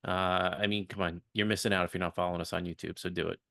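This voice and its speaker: A man's voice: low voice, steady tone, rapid-fire, creaky, fairly bright tone, no room sound, studio quality. A man co-hosting a casual movie podcast in a laid-back, joking way. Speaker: podcast co-host.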